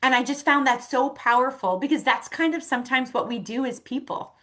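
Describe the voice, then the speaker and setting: A woman's voice: high voice, a little fast, a bit bright. A woman talking as a podcast guest, earnest and conversational, with many fillers and restarts. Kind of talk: casual conversation.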